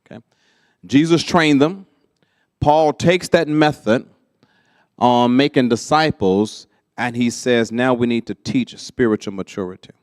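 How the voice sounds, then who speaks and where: A man's voice: mid-range voice, measured pace, no echo, clean studio sound. A man leading a church teaching workshop, conversational and often checking that listeners follow. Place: church classroom.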